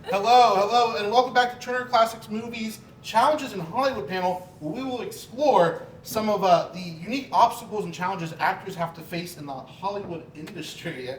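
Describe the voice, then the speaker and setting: A man's voice: high voice, moderate pace, few pauses, far from the mic, close to an everyday voice. A man playing a polished classic-movie host. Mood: announcing. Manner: formal presenter delivery. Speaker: talk show host and moderator. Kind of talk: sketch comedy. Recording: echoey stage sound from afar, noise.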